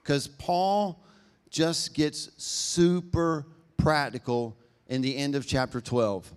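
A man preaching a sermon, talking fast and conversationally with a self-deprecating humor. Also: a little high, steady tone, clean tone. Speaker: pastor.

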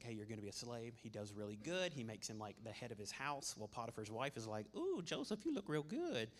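A man giving a sermon in a relaxed, conversational way, voicing characters in quick asides. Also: medium pitch. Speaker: preacher.

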